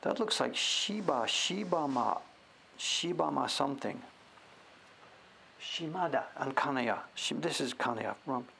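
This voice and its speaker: A man hosting a casual show-and-tell, thinking aloud as he sounds out names, sometimes dropping to a whisper and breaking into excited praise. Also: medium pitch, unhurried, gravelly, slight background noise. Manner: drops to whispers now and then. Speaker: host.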